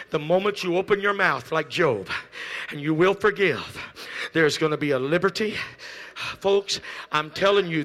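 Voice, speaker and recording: A man preaching a Pentecostal sermon, moving from shouted calls to hushed storytelling, repeating phrases and speaking in tongues. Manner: swings from shouted exhortation to low hushed storytelling. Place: church service.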